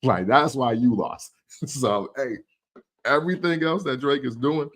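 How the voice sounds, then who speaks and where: A man in his forties hosting a casual commentary show, laughing often and acting out quick quotes. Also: mid-range voice, fairly bright tone. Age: 40s. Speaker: podcast host.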